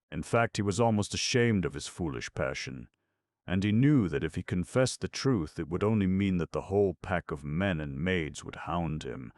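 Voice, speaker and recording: A man narrating a classic novel as an audiobook, in steady storytelling, lifting his voice for the characters' speech. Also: creaky, dry recording. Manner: steady storytelling, raises pitch and volume for quoted characters.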